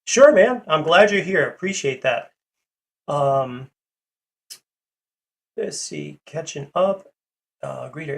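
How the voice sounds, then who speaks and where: A man's voice: on the high side, animated, slow, vocal fry, pauses often. A man hosting a casual livestream, rambling with many fillers as he greets viewers and reads chat. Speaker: livestream host.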